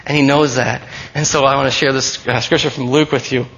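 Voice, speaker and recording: A man's voice: medium pitch, fairly even intonation, a little fast, gravelly, a bit bright, highs cut off, a little hiss or hum. A man preaching a sermon as pastor, earnest and emphatic, often repeating key phrases.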